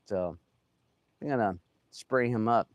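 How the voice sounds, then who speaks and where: A man's voice: fairly low pitch, slow, dry recording. A man who carves wood with a chainsaw, chatting casually on a live stream while he works, rambling and trailing off with lots of fillers.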